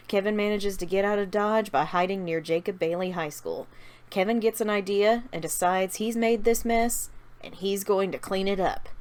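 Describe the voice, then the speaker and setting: A woman casually narrating a fan-made story idea, with chatty asides to her viewers. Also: medium pitch.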